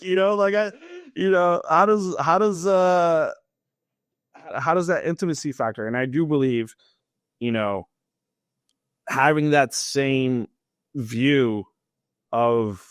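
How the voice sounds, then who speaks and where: A man's voice: on the high side, a little slow, pauses often, no room sound, studio quality. A man in his thirties, a podcast interview guest, tells his story casually, laughing often and acting out conversations. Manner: animated, laughs often, acts out dialogue.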